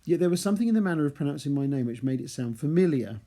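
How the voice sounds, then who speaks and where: Expressive and very fast, a man with a mellow, fairly high voice teaches literature. He chats through a chapter analysis, reading passages and unpacking them with playful asides.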